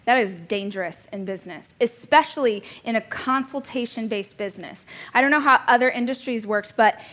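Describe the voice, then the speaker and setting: A woman's voice: on the high side, a little fast, a bit bright. A woman in her thirties teaching a business coaching class in a chatty, joking way, laughing at herself now and then. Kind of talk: casual coaching class talk.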